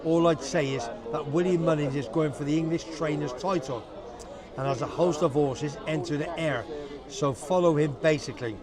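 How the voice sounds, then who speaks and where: A man's voice: a little high, moderate pace. A man chatting as a guest on a live show, rambling with lots of fillers and restarts, with a lingering cough. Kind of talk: casual banter on a livestream. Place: outdoors at a busy bar. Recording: outdoor livestream with crowd noise. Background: crowd chatter.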